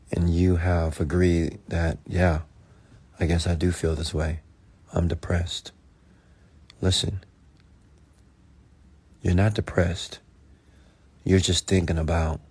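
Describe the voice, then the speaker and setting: A man's voice: sits low, creaky, husky. A man giving a blunt, profane motivational rant late at night, preaching at his viewers. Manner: mimics whiny voices mockingly. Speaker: entrepreneur and mentor.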